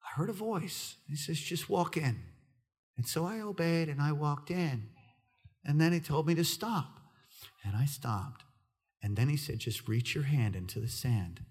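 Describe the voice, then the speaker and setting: Animated male pastor telling a story. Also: a little high, measured pace, breathy edge. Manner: animated, acts out quoted voices, swings from loud excitement to hushed near-whisper. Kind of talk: sermon storytelling.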